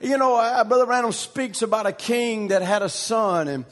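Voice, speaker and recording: A man's voice: high-pitched, moderate pace. A man preaching a sermon, telling a story with a rhythmic cadence and repeated, restarted phrases.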